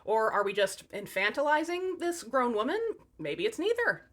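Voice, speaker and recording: A woman narrates fairy tales comically and breaks off for sarcastic asides to her listeners. Her fairly high voice swings widely in pitch and has a slightly husky edge. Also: very animated, normal speed, fairly bright tone. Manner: sarcastic, wry asides to the audience. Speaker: storyteller.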